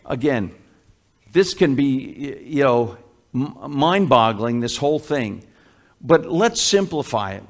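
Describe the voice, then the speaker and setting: Slow-speaking male pastor preaching. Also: on the high side, lively intonation. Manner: slow, conversational preaching with many fillers and restarts. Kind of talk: sermon.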